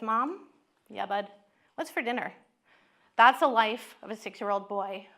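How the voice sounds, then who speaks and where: A middle-aged woman, a psychologist, giving a talk with candid, animated storytelling. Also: fairly high pitch.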